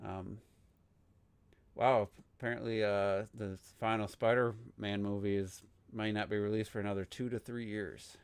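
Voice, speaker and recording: A man's voice: lowish voice, steady tone, moderate pace, clear, resonant tone, no echo. A man co-hosting a gaming podcast, chatting casually in an easygoing, rambling way. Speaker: podcast co-host. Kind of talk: casual chat.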